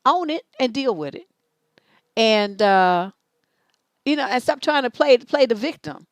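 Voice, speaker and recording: Slightly high and expressive, this middle-aged woman's voice moves at a measured pace as she hosts a live relationship advice stream. She's profane, blunt and scolding, acting out both parties, and the recording is dry.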